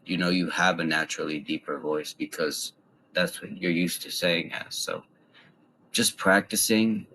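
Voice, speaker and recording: A young man giving casual voice tips in a relaxed, rambling way with lots of fillers. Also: low-pitched, unhurried, a little hiss or hum, rough recording. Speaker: voice tips vlogger. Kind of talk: casual instructional talk.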